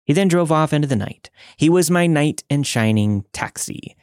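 A man hosting a podcast, reading listener stories as scripted narration in a measured, dramatic way. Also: on the high side, animated, a little mellow, no room sound, clean studio sound.

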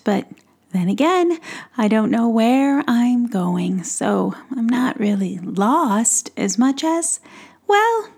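A woman whispering as a gentle lost fairy queen. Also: fairly high pitch, gravelly, breathy edge, exaggerated voice. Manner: polite, soft-spoken, bewildered. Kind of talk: whispered role-play.

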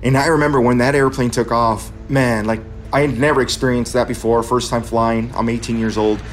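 A man's voice: medium pitch, steady tone, a little fast, soft background music. A man in his forties from California, earnestly telling a personal story in a plain, conversational way.

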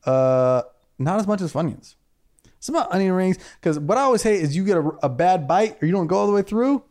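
A man's voice: high-pitched, expressive, brisk, a little mellow. A young man co-hosting a podcast, rambling and joking with plenty of swearing. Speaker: podcast co-host. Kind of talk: casual chat.

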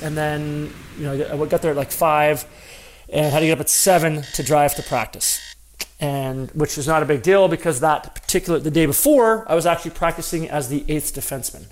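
Self-mocking man telling a hockey story. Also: a little high. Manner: self-deprecating, animated, lots of fillers. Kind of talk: casual storytelling.

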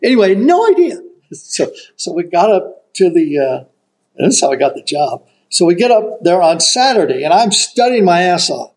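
An older man, a golf broadcaster, telling a story as an animated raconteur who acts out the quotes. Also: sits high, normal speed, poor audio. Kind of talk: casual storytelling.

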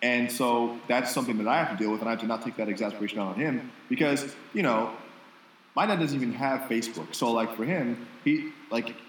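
A man in casual podcast chat, rambling candidly through a personal story and poking fun at himself. His voice sits at an ordinary pitch and carries a noticeable room echo, with faint ambience behind it. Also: brisk, far from the mic, slight background noise. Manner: candid, rambling storyteller with self-deprecating laughs.

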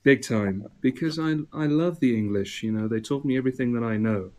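A man's voice: mid-range voice, a little fast, mellow. A man from South Africa co-hosting a podcast, enthusiastic and emphatic, with a radio presenter's delivery. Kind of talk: casual chat.

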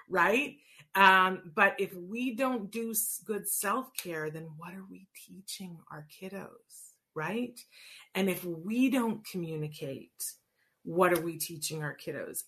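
Woman host, slightly low voice, chatty, expressive, storytelling, lots of fillers. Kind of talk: casual live show talk.

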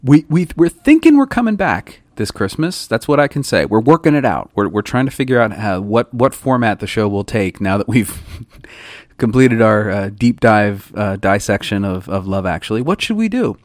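A man in his forties hosts a podcast in a chatty, emphatic way, breaking into laughter. His voice sits fairly low and sounds close and dry, with no room around it. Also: sing-song, normal speed, dry recording. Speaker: podcast host. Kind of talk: casual chat.

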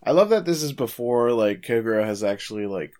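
A man's voice: medium pitch, a little fast. A man co-hosting a podcast, casually recapping episode events and chuckling at the funny parts. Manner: relaxed storytelling, chuckles at the jokes. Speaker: podcast co-host.

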